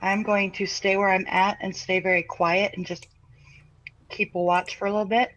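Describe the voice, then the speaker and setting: A woman's voice: mid-range voice, level tone, normal speed, fairly bright tone, low-quality recording. A woman playing a tabletop game, talking casually and playfully. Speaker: player.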